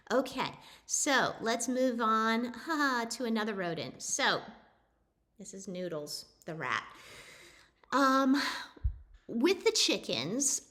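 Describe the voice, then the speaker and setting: A middle-aged woman telling an animal story in a casual, animated way, often restarting her sentences. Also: a little high. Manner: chatty, animated, with frequent restarts.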